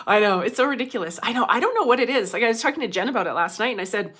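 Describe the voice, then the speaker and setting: A middle-aged woman, hosting a casual livestream as a medium, chatty and quick to laugh, greeting viewers by name. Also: a little high, a bit bright, breathy edge.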